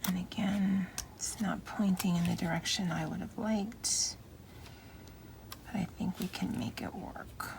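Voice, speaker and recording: A middle-aged woman chatting softly and often half-whispering as she decorates her planner, with a Valley Girl lilt. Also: fairly low pitch, fairly even intonation, unhurried, creaky. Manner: soft, often half-whispered, self-deprecating. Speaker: planner vlogger. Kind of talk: casual crafting chat.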